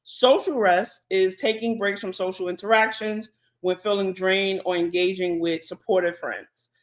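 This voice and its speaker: A woman, co-hosting a podcast in relaxed, chatty talk full of fillers and asides. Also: medium pitch, moderate pace. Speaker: podcast co-host. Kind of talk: casual podcast chat.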